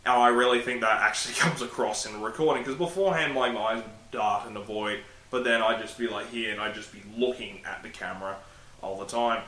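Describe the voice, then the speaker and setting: A man chats to his laptop webcam in a casual, rambling vlog, poking fun at himself and swearing freely. His voice is bright and forceful. The room around him rings with noticeable echo. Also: medium pitch, brisk. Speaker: vlogger. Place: room at home by a window. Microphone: laptop webcam mic.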